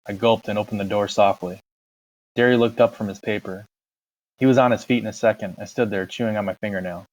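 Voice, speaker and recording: Low-voiced man reading a novel aloud. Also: steady tone, a little fast, rough recording. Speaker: audiobook reader.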